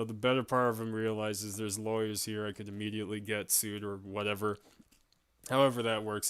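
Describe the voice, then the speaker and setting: Young man, casual recap commentary, smooth clear voice, dry close sound. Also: lowish voice, a bit bright, no room sound. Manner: chatty, laughs often, many fillers. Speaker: wrestling show reviewer.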